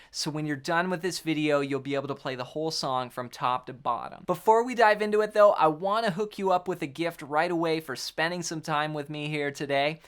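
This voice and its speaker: A man's voice: a little high, fairly bright tone, clear, resonant tone. A man teaching a guitar lesson, upbeat and explaining step by step while counting beats aloud.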